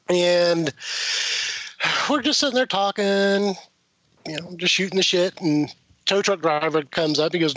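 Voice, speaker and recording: High-voiced man telling a story. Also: a little slow, pauses often, no echo. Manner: animated, laughs while telling, acts out quoted voices. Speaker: podcast guest. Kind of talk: casual storytelling. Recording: slightly muffled dry podcast recording.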